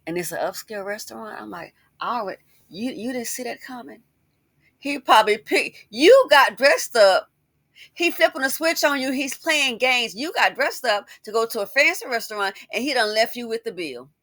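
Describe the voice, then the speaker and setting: A woman's voice: a little high, expressive, normal speed, fairly bright tone, no room sound, clean studio sound. A woman giving sassy, scolding commentary in a casual style. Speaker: commentary host.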